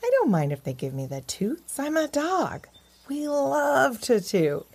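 A woman's voice: low voice, wildly swooping pitch, a little fast, warm tone, pitched below the performer's own voice, exaggerated voice. A woman voicing an eager, slightly bossy young male puppy hero.

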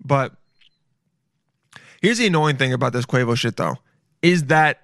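A man's voice: medium pitch, lively intonation, measured pace, long pauses, a bit bright, no echo, clean studio sound. A man hosting a podcast, riffing in casual comedic commentary, rambling, swearing and calling the listeners "dude". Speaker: podcast host.

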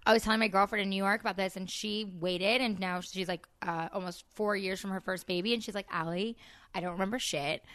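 A woman as a podcast guest, chatting casually and acting out quotes in animated stories. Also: mid-range voice, quick pace, few pauses, clean tone, dry recording. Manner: animated storyteller, acts out quotes. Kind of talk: casual chat.

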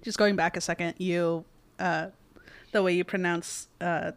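A woman's voice: lowish voice, fairly even intonation, unhurried, clean tone, dry recording. Hesitant woman chatting on a podcast. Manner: hesitant, many ums, laughing. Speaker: podcast co-host. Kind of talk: casual chat.

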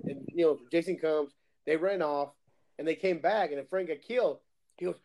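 A man chatting casually on a podcast, telling lively gaming stories and mimicking other players' voices. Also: fairly high pitch, a little fast, low-quality recording. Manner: animated storyteller who acts out other players' voices and swears. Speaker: podcast co-host. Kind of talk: casual chat, storytelling.

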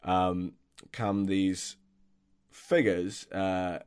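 A man's voice: low-pitched, little pitch movement, extremely slow, darkish tone, clear, resonant tone. A man narrating a tabletop role-playing game as game master, with many ums and restarts. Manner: hesitant, many fillers and restarts.

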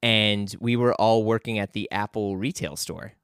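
Low smooth-voiced man telling a story. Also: moderate pace, a bit bright, no echo, studio quality. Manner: rambling, lots of filler and restarts. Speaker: podcast guest. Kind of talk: casual storytelling.

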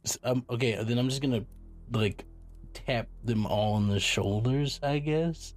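A man's voice: mid-range voice, measured pace, faint music behind. A man playing a tabletop game, talking through options in a hesitant way. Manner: deliberating, hesitant. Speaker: player. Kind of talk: casual tabletop play.

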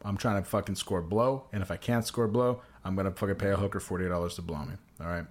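A man's voice: sits low, steady tone, fast. A man hosting a casual podcast who tells long, profane, self-mocking stories about doing comedy. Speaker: podcast host and amateur comedian.

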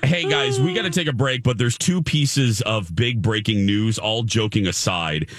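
A man's voice: mid-range voice, moderate pace. A man hosting a morning radio show, chatting casually, laughing easily and reading breaking news with plenty of fillers. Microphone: studio microphone.

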